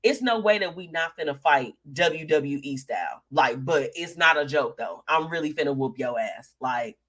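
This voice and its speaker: Bright-voiced, sassy woman live-stream host. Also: low-pitched, animated, moderate pace. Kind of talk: casual live-stream chat reading viewer comments.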